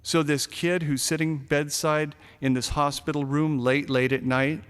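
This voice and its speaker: A man narrating a first-person short story in a sardonic, darkly comic way, now and then shouting a punchline. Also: on the high side, big-room sound.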